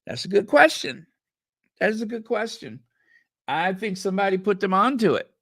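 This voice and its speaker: A man's voice: sits high, big pitch swings, moderate pace, pushed and bright, no room sound, clean studio sound. A man hosting sarcastic gossip commentary, drawing out his words with sardonic emphasis and reading headlines and viewer comments aloud. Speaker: commentary channel host.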